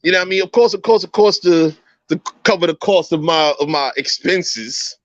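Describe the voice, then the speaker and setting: A man in his thirties hosting a casual livestream chat, talking in an animated, slangy way. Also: a little high, moderate pace, no room sound, lo-fi sound. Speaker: host. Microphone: phone.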